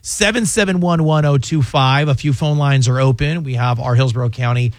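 A man's voice: medium pitch, brisk, no room sound. A man hosting a radio call-in show as an attorney, talking casually and telling stories with jokey asides, in a radio studio. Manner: chatty, storytelling, jokey asides.

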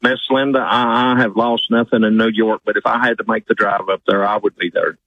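A man's voice: fairly low pitch, steady tone, fairly quick, no echo. A man, a truck driver calling a radio show, polite and stammering a little. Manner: polite, says "sir", stammers. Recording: muffled phone-line call.

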